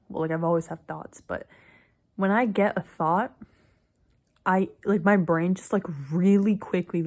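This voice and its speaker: A woman's voice: on the low side, darkish tone. A young woman vlogging casually, rambling with lots of "like" and the odd swear word. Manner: rambling, filler-heavy, frequent "like" and swearing. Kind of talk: casual personal vlog.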